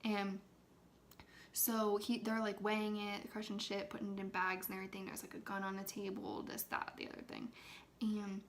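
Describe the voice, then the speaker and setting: A woman's voice: medium pitch, monotone, moderate pace, slight background noise. A young woman chatting casually to her viewers as she retells a film, filling her talk with "like" and sometimes dropping into a whisper. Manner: loose and chatty, many "like"s, drops into whispers now and then. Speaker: ASMR creator talking to viewers.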